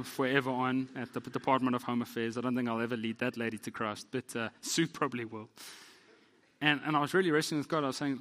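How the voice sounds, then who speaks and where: Self-mocking pastor preaching. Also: male voice, medium pitch, in a large hall. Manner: animated, self-deprecating storyteller. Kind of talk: storytelling sermon.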